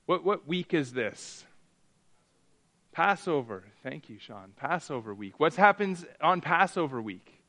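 A man's voice: a little high, very animated, measured pace, pushed and bright. A man leading an interactive Bible class, reading scripture aloud, asking the group questions and often restarting his sentences. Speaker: Bible study teacher.

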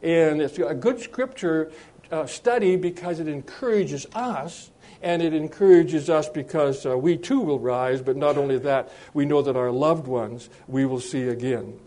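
Mellow-voiced man preaching with halting pauses. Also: a little high. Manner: measured, with frequent hesitations and restarts; slows and lifts his voice when reading scripture. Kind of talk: sermon.

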